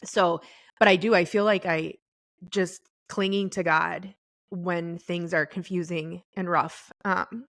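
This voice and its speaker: A middle-aged woman co-hosting a podcast, talking about her faith in a halting, tearful way. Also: lowish voice, steady tone, no room sound, studio quality. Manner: tearful, halting, soft-spoken. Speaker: podcast co-host. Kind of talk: casual faith chat. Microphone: podcast microphone.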